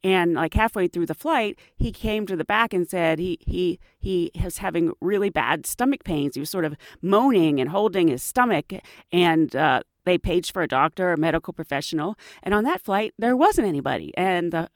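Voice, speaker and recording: A woman hosting a podcast, telling stories in a casual, animated way and laughing often. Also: fairly low pitch, moderate pace, dry recording, clean studio sound. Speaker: podcast host. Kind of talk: casual storytelling chat.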